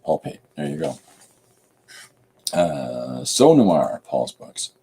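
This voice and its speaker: A man's voice: rumbling low, very animated, takes it slowly, gravelly, mellow, breathy edge, low-quality recording. A middle-aged man from Canada, a comic artist chatting casually on a live stream, rambling with many fillers.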